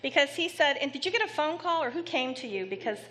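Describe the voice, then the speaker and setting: A woman psychic medium giving a live reading to an audience member in a theater, speaking gently and haltingly with many pauses. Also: high voice, lively intonation. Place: theater stage before an audience.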